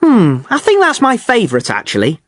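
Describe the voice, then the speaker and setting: Guy hosting an english learner podcast, clear and teachery, voice goes up and down a lot. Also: extremely high pitch, wildly swooping pitch, a little fast, no echo, clean studio sound. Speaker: podcast host. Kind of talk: scripted learner podcast presenting.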